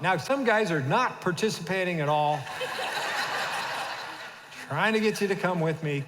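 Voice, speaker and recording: An older man preaches a sermon in a church hall with a long reverb tail. His voice sits a little high, and he keeps calling on the congregation to repeat after him. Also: moderate pace, a bit bright, slight background noise. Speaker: pastor. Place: church sanctuary.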